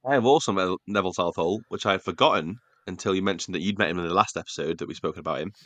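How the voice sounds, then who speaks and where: A man's voice: low-pitched, racing, a bit bright, dry recording. A young man from North Wales, a podcast co-host, telling football anecdotes in casual chat and acting out the quotes. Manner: storytelling, acts out quotes.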